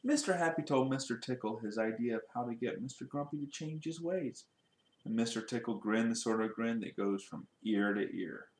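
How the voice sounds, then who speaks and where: A man reading a children's storybook aloud in a lively way, putting questions to his young listeners. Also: mid-range voice, normal speed, echoey room.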